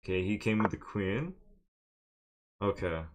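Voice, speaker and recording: A man's voice: on the low side, expressive, measured pace, noisy background. A young man, commentating live on his own online chess game, muttering moves and now and then breaking into exasperated outbursts. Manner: muttering his moves, then bursts into loud frustrated exclamations. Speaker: chess streamer.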